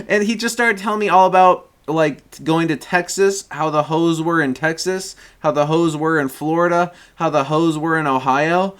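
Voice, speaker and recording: A man's voice: fairly high pitch, moderate pace, few pauses, fairly bright tone. Young man ranting a rambling story. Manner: rambling, profane, chuckles often. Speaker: streamer. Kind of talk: casual storytelling rant.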